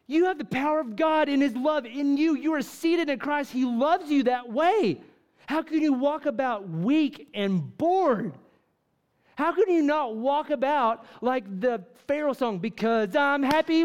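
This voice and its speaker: A man's voice: extremely high pitch, animated, unhurried, a little mellow, muffled recording. A man preaching a fervent sermon to a church congregation, full of rhetorical questions and repeated "right?" asides. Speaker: pastor.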